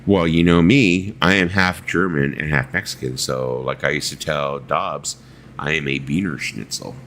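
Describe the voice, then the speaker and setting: A man's voice: rumbling low, steady tone, moderate pace, a bit bright, slight background noise. A man hosting a casual livestream chat, telling rambling stories and reading viewer comments aloud, swearing freely. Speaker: livestream host.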